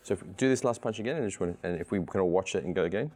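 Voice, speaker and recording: A man's voice: deep voice, rapid-fire, darkish tone. A man teaching a martial arts class, patiently coaching technique and repeating cues in rhythm.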